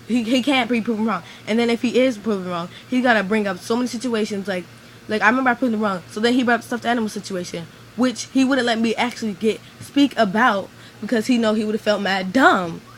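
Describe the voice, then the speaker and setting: A woman's voice: a little high, quick pace, slight background noise, poor audio. A woman venting in a rambling vlog monologue, filling her talk with "like" as she retells an argument. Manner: rambling, venting, heavy use of "like". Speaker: vlogger.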